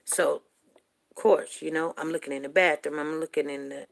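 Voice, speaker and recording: An older woman tells a personal story in a rambling, heartfelt way. Her voice sits low and carries a gravelly fry. At tense moments she rises toward near shouting. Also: fairly even intonation, moderate pace.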